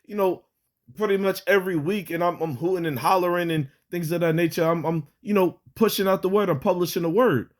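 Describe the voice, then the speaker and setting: A man's voice: high-pitched, a little fast. A young man with a slightly raised voice tells a personal religious testimony in a loose, rambling way. He restarts sentences constantly, leans on fillers like "you know" and "like", and swears casually. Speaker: religious vlogger giving testimony.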